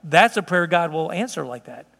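A man's voice: a little high, expressive, normal speed, vocal fry, a bit bright, in a large hall. A man pastor preaching a sermon in an earnest, conversational way, telling vivid stories from everyday life.

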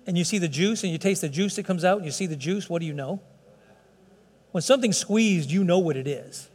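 A man preaching a sermon as pastor, impassioned, swinging from loud emphasis to quiet asides. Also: high voice. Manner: impassioned, rising and dropping sharply for emphasis. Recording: reverberant hall.

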